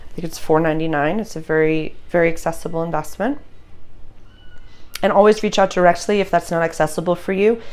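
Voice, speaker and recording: A woman's voice: low voice, a little mellow. A young adult woman giving a casual, effusive astrology reading, gushing encouragement at her listeners.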